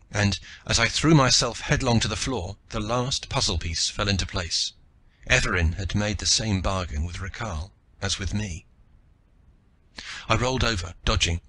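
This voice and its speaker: A man narrating an audiobook in the first person with steady, forceful storytelling. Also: lowish voice, a little hiss or hum.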